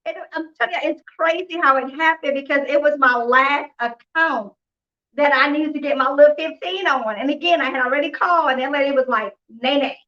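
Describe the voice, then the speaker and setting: A woman hosting a couponing live stream, telling a story in a chatty, animated way, acting out the dialogue and laughing often. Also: sits high, brisk, dull audio. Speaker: couponing livestream host. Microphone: phone or computer mic on a live stream.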